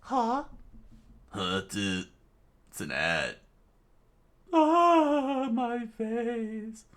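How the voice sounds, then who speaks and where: A sharp-tongued young woman speaks in a squeaky, strained falsetto, as a man puts her on. She is one figure in a comic being read aloud. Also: wildly swooping pitch, drawn-out words, full character voice. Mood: dry, grumbling. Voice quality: high falsetto.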